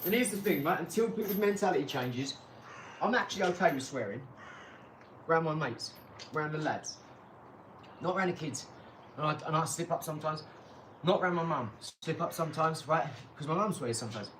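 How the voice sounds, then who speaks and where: A man's voice: a little high, lively intonation, fairly quick, pauses often, a bit bright. A man, talking bluntly and rambling in a casual vlog, swearing and then apologizing. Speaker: channel host. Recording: echoey room, far from mic, clear background noise.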